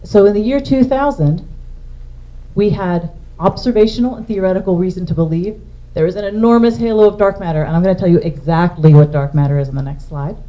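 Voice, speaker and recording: In a dull lo-fi recording of a public science talk, a woman astronomer moves fairly quickly through her slides, explaining step by step. Her voice sits in the mid range.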